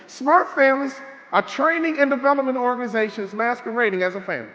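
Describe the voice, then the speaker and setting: A man's voice: very high-pitched, fairly even intonation, fast, fairly bright tone, lo-fi sound. A man giving a motivational speech to a live audience, with an emphatic, repetitive, preacher-like rhythm and call-and-response questions to the crowd. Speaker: motivational speaker. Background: background music.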